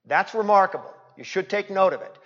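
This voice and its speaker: A male pastor preaching a sermon in a church, emphatic, repeating key words and swinging from loud to hushed. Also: sits high, lively intonation, brisk. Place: church sanctuary. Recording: reverberant, dull lo-fi church recording.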